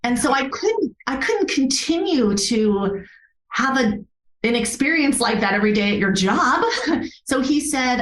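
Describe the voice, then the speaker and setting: A woman being interviewed as a yoga therapist, telling a personal story in an earnest, animated way and laughing often. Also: high-pitched, moderate pace. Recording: roomy echo.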